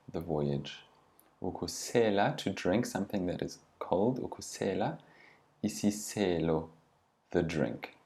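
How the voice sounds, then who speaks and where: A man's voice: low voice, mellow. A man teaching a language lesson, saying each word carefully and then giving its meaning. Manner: deliberate, pronounces each word then glosses it.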